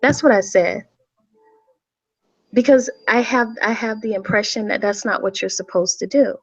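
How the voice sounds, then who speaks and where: A woman's voice: mid-range voice, normal speed, breathy edge. A woman speaking in a middle register who sounds defensive and insistent, going back over the same words. Her voice comes through a muffled, lo-fi online voice chat. She argues her case in a heated discussion. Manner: defensive, insistent, repeats herself. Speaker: guest defending herself in a livestream debate.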